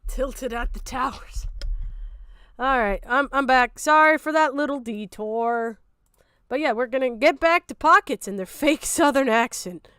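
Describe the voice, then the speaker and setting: A woman's voice: high-pitched, unhurried, bright, forceful tone, clear, resonant tone, no echo, studio quality. A woman streaming and chatting casually, with a goofy, cartoonish voice, laughing often and swearing freely.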